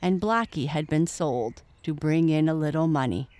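A woman narrating a storybook in a calm, measured reading voice. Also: low voice, dry recording.

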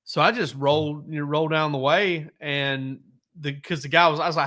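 Bright-voiced man telling rambling stories. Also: a little high, fast talker. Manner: rambling, self-correcting, laid-back storyteller. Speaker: sports reporter. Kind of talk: casual podcast storytelling.

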